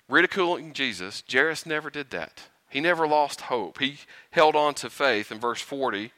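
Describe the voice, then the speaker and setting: A man preaching a sermon, animated and often chuckling, building to rhetorical questions. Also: a little high, no echo, clean studio sound.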